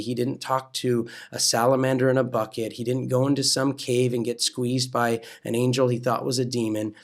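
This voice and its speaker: An American man, a pastor and coach, telling a personal faith story in a lively way, acting out quoted dialogue and then preaching. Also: medium pitch. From California. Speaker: pastor and wrestling coach, guest.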